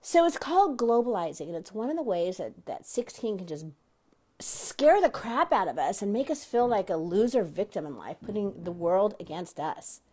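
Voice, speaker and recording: A woman's voice: medium pitch, moderate pace. A woman hosting a motivational self-help talk show, teaching an audience and often asking them questions directly. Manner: animated, addresses listeners directly with questions; acts out quoted dialogue in varied voices.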